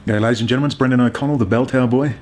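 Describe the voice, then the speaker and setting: A man's voice: mid-range voice, steady tone, rapid-fire, background noise. A man filming himself in an apartment, giving a heated, profane monologue to camera. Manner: heated, ranting, heavy swearing. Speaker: video blogger. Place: apartment indoors.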